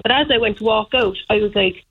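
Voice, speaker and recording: A woman's voice: mid-range voice, steady tone, fast talker, creaky, slightly rough. A woman in her thirties comes through a thin, tinny phone line. She tells her story in an indignant, rambling way, full of fillers. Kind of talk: telling a personal story.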